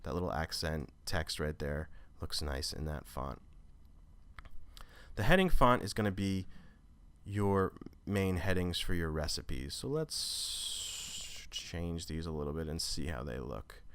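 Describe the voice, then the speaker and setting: A man's voice: rumbling low, slow pace, clean tone. A man teaching an online course, talking casually through a screen-recorded tutorial with many fillers and self-corrections. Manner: relaxed and conversational, with frequent fillers and self-corrections.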